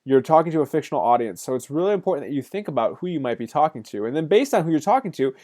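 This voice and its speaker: A male college instructor delivers a recorded course lecture at a brisk clip. He keeps it upbeat and jokey, talking straight to his students. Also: a little high, very animated, a little mellow.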